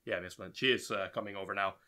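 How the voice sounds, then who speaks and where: A man co-hosting an anime podcast, chatting in a relaxed, rambling way with many restarts. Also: fairly low pitch, fast. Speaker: podcast co-host. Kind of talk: casual chat.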